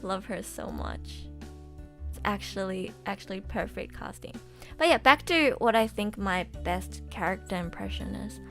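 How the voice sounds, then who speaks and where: A woman's voice: mid-range voice, a little slow, gravelly, faint music behind. A young adult woman voice actress chatting casually on a live stream, bubbly and giggly, gushing with enthusiasm.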